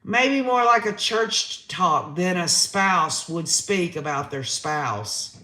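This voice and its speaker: A man's voice: high-pitched, expressive, slow, sharp tone, reverberant. A man hosting a live-stream trial recap, reading chat comments aloud and reacting with emotion. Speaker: host.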